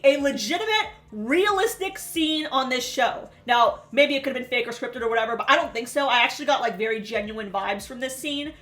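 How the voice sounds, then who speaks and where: High-voiced sarcastic woman recapping a show. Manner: sarcastic, animated, laughs often. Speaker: recap host. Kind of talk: casual recap commentary.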